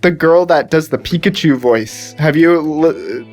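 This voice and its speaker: Rambling podcast co-host, stumbling and laughing. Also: male voice, a little slow, a little mellow, soft background music. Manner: rambling, stumbles and repeats words, laughs often; mimics voices in high squeals when retelling. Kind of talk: casual chat.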